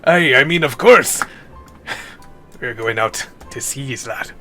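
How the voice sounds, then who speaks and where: A man's voice: medium pitch, slow pace, bright, forceful tone, soft background music. A man doing a hearty pirate shopkeeper. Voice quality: exaggerated pirate voice. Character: hearty male pirate shopkeeper, gruff and teasing. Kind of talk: tabletop role-play.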